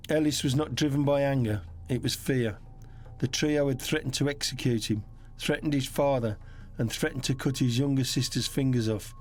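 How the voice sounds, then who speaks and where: A man giving scripted documentary narration in a measured, even delivery. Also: mid-range voice.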